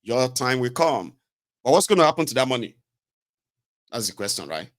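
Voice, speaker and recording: A Nigerian man rambles through casual political commentary, his pitch rising and falling freely. He mocks and scolds as he goes, slipping between English and pidgin. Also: big pitch swings, moderate pace. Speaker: commentary host.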